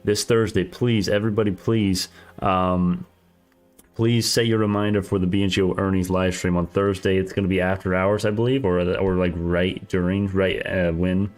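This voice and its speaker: Low-voiced young man rambling about markets. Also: flat delivery, normal speed. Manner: rambling, chatty, laughs at himself. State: groggy morning voice. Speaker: stock market live streamer. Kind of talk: casual live-stream market commentary.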